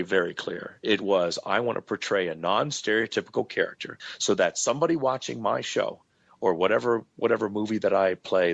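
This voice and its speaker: A man's voice: lowish voice, creaky, no echo, lo-fi sound. A man who is a guest actor, earnestly telling personal stories in a candid interview. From grew up in the Southern US and California. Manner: earnest, reflective, laughs between stories.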